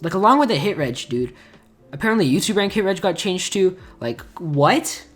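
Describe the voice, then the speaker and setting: A man's voice: high-pitched, animated, moderate pace. A young man talking casually as a gaming YouTuber, rambling with lots of filler words and bursts of mock outrage. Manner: rambling, full of "like" and "dude", mock-outraged rants. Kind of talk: casual gaming commentary to camera.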